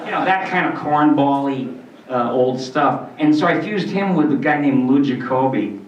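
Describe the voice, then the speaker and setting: A man in his sixties telling rambling, animated stories as a guest at a convention panel. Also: mid-range voice, normal speed. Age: 60s. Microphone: filmed from the audience. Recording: distant, roomy, muffled hall recording.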